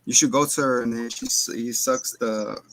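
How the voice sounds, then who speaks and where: A man's voice: medium pitch, steady tone, moderate pace, fairly bright tone, a little hiss or hum. A man co-hosting a casual movie review, rambling through the plot and acting out characters' lines. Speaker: podcast co-host.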